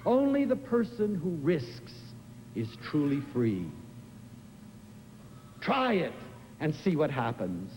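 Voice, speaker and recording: Animated older man lecturing in a hall. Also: takes it slowly, long pauses. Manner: expressive, animated storytelling with big swings in pitch. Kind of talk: inspirational lecture to a live audience. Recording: live lecture in a hall with faint room noise.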